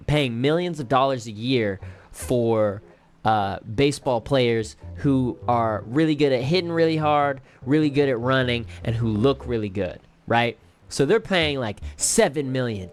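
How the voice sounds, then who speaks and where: A man casually reviewing movies on a stream, rambling and repeating phrases with lots of fillers. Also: medium pitch.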